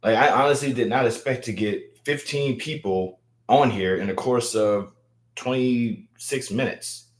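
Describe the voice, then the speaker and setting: A man's voice: mid-range voice, a little slow. A young man from Louisiana, hosting a casual livestream and hyping up viewers, repeating his words as he talks. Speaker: livestream host. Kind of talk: casual livestream chat reading viewer comments. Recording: roomy echo.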